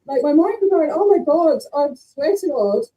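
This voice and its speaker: Brief: woman guest, high lively voice, flustered and cursing, faint distant laptop mic. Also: moderate pace, lo-fi sound. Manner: flustered, swears, stammers. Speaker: guest on a video call. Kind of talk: casual group video chat.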